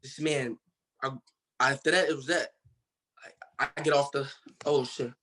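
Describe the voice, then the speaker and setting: A man's voice: mid-range voice, fairly even intonation, moderate pace, a bit bright. A young man from Cincinnati, Ohio, telling his story as a guest in a casual interview, in a loose, slangy way full of fillers. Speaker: guest artist.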